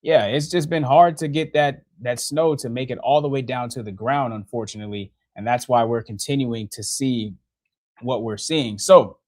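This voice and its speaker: A young TV meteorologist gives a casual live-stream weather update from a TV station studio, chatting and laughing often as he works the radar. His voice is medium-pitched and a little mellow at normal speed, in a dry recording.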